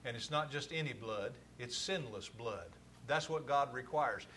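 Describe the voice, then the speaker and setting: A man preaching a sermon, building to forceful, emphatic stresses. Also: mid-range voice, measured pace, a little hiss or hum.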